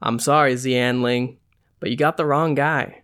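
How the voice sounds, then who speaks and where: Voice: mid-range voice, steady tone, measured pace, a bit bright, lightly acted. A podcast host reading a story aloud, voicing a young male musician in a dry, teasing tone close to their own voice.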